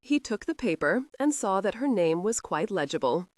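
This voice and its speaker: A woman narrating a romance audiobook in a measured storytelling manner. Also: mid-range voice, sing-song, a little mellow, no echo, studio quality. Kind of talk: scripted narration.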